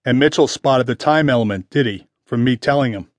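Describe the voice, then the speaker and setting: A man playing a calm, terse private eye. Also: mid-range voice, a little fast, no echo, natural voice.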